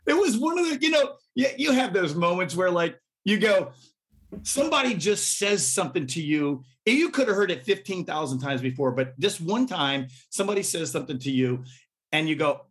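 A man's voice: a little high, normal speed. A middle-aged man, a musician, telling stories in a casual interview and acting out quotes with laughs. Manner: animated storyteller, laughs and acts out quotes. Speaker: musician guest.

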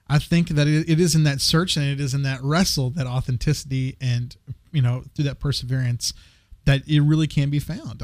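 A man's voice: fairly high pitch, darkish tone, no echo, studio quality. A man co-hosting a casual faith talk, speaking enthusiastically and often restarting his sentences. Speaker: co-host.

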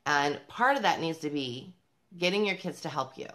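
A woman's voice: low-pitched, animated, normal speed, a bit bright. A woman talking to the camera as a parenting vlogger, upbeat and emphatic, speaking straight to other mothers and laughing between points. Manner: upbeat, emphatic, addresses viewers directly. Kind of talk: motivational talk to camera.

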